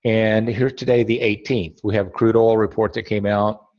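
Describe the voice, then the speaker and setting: A man's voice: on the low side, flat delivery, moderate pace, lo-fi sound. A man teaching a trading webinar over a screen share, rambling and correcting himself as he thinks aloud.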